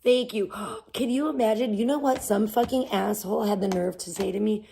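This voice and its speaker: A woman's voice: medium pitch, brisk, gravelly, dark tone, breathy edge. A woman hosting a livestream, venting casually with profane, sarcastic rants and talking to her chat. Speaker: livestream host.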